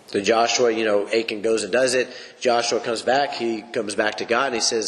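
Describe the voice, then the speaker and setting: A man's voice: fairly low pitch, steady tone, normal speed, hardly any pauses. A man teaching the Bible on a podcast, preaching in an emphatic, folksy way. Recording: long reverb.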